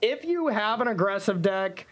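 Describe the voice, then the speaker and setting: Man, high voice, North Dakotan accent, joking stream co-host telling anecdotes. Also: animated, normal speed. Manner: chatty, joking, tells anecdotes. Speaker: commentator. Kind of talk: casual live-stream chat.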